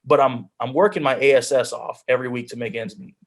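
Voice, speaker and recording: A man's voice: mid-range voice, steady tone, fast. A young man earnestly telling his personal story as a guest speaker on a video call, often restarting his sentences. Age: young adult. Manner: earnest, heartfelt, with frequent restarts and "like". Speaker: guest speaker, pro football player.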